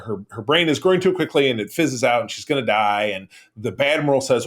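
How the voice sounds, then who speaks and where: A man's voice: mid-range voice, fast, hardly any pauses. A man co-hosting a casual podcast chat, jokey and acting out quotes as he talks. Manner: animated, jokey, acts out quotes. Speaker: podcast co-host.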